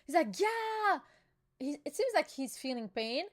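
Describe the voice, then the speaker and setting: High-voiced excitable young woman chatting. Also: fairly quick. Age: young adult. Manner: excitable and emotional, with gasps, fillers and slang. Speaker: channel host reacting to a manga chapter. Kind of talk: casual live reaction chat.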